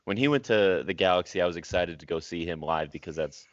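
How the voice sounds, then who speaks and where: A man co-hosting a podcast, talking in relaxed, slangy casual chat. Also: deep voice, fast talker, dry recording. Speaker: podcast co-host. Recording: dry dull lo-fi audio.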